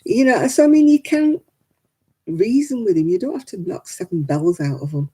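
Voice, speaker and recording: Older woman, chatty storyteller with a husky, breathy voice. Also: medium pitch, lively intonation, moderate pace, warm tone. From England. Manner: chatty storytelling, laughs often. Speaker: livestream host. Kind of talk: casual chat.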